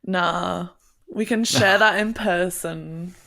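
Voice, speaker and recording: A woman's voice: on the low side, slow pace, creaky, bright, forceful tone. A woman from northern England co-hosting a casual podcast chat, chatty and laughing at herself, a bit tipsy. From northern England (Burnley). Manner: chatty, laughing, self-mocking. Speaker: podcast co-host.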